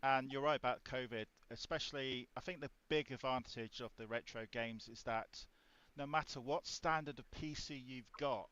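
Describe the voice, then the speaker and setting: A man hosting a casual livestream chat, quiet on his microphone, his loudness jumping around. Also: mid-range voice, fairly even intonation, normal speed, hardly any pauses, smooth, highs cut off. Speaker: host.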